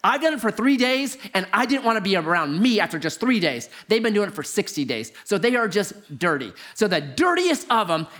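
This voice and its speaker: A middle-aged man spins a personal story with a high voice that leaps up and down. He plays every moment big and bursts into loud disbelief at the surprises. His telling is animated and exaggerated. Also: fairly quick, hardly any pauses.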